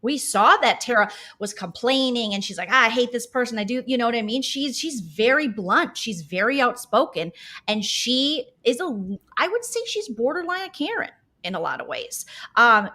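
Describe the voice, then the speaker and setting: Bright, emphatic woman co-host. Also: a little high. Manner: opinionated, emphatic, rapid-fire. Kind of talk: casual podcast chat.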